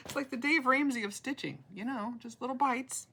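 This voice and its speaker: Chatty woman with gravelly voice. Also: fairly high pitch, animated, a little slow, long pauses, pushed and bright, a little hiss or hum, rough recording. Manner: chatty, self-deprecating, laughs often. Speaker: cross-stitch vlogger. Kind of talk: casual show-and-tell chat.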